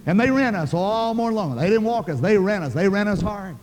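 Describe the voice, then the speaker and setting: Older man, preacher, folksy and emphatic, rapid delivery, reverberant hall. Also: sits high, animated, darkish tone. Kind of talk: sermon storytelling.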